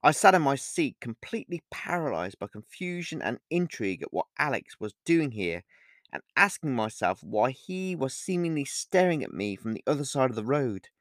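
A man's voice: medium pitch, moderate pace, no room sound, studio quality. A man narrating his own novel in the first person as an audiobook. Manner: first-person storytelling with lively inflection.

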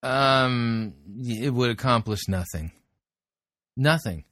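A man's voice: medium pitch, slow pace, a bit bright, dry recording. A man reviewing a sermon, commenting in a blunt, dry, skeptical way. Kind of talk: critical commentary.

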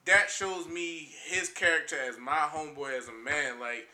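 A man's voice: on the high side, normal speed, bright, forceful tone, reverberant. A man casually telling a story on a podcast, with loose profanity and lots of quoted exchanges. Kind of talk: casual chat.

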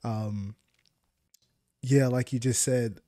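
Young man, podcast co-host, earnest and explanatory, mid pitch, dry sound. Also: steady tone, takes it slowly, dark tone, no echo. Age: young adult. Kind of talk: casual faith discussion.

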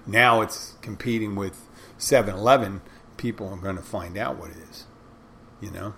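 A man's voice: on the low side, steady tone, moderate pace, gravelly, background noise. Rambling man, casual monologue. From Philadelphia, Northeast. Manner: rambling, profane, folksy.

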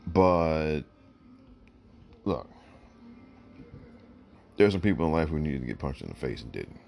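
Blunt, very deep gravelly man. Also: big pitch swings, unhurried, darkish tone, soft background music. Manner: blunt, emphatic, repeats "look". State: hiccups. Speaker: podcast host. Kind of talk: opinionated solo commentary.

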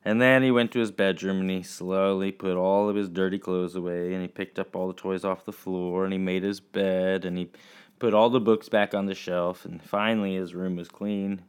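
A man teaching children, telling a story in a chatty, halting way full of fillers. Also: deep voice, little pitch movement, smooth.

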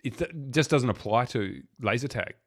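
A man's voice: medium pitch, moderate pace, fairly bright tone. A man co-hosting a podcast, laid-back and blunt, mocking a film's plot holes in casual chat. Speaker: podcast co-host. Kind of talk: casual film review chat.

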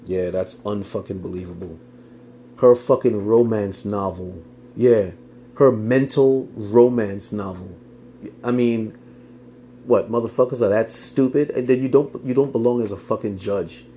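A man hosting his own podcast, delivering an angry, profane political rant, often repeating himself and answering his own points with "yeah", dropping to a mutter and then surging louder. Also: unhurried, a little hiss or hum. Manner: swings from muttering low to loud outbursts. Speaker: podcast host.

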